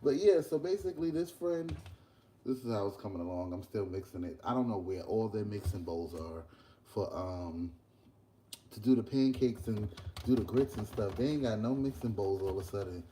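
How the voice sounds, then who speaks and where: A young man, chatting casually in a vlog while cooking breakfast at work, telling an animated story. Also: lowish voice, moderate pace, a little hiss or hum. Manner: animated ranting storyteller, loose and conversational. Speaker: vlogger and podcast host. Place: workplace kitchen.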